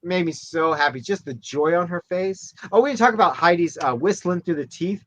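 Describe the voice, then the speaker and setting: A man's voice: brisk, no room sound. A man co-hosting a casual chat show, talking animatedly and acting out quotes with frequent restarts. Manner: animated, acts out quotes in high voices, many restarts. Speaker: podcast co-host.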